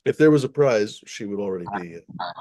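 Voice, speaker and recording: A man's voice: fairly low pitch, expressive, a little fast, mellow. A man hosting a casual livestream, rambling and swearing with many fillers as he greets viewers in the chat. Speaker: livestream host.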